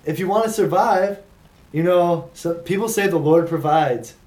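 A man's voice: fairly high pitch, normal speed, darkish tone. A man in casual chat, joking and laughing through his lines. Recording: roomy echo.

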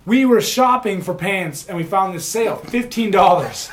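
A man's voice: high-pitched, lively intonation, moderate pace. A man co-hosts a casual talk show and rambles through anecdotes. He talks in an easygoing, chatty way. He often laughs as he tells his stories. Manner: rambling anecdotes, laughs often, mimics other people's voices. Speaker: podcast co-host. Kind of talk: casual storytelling.

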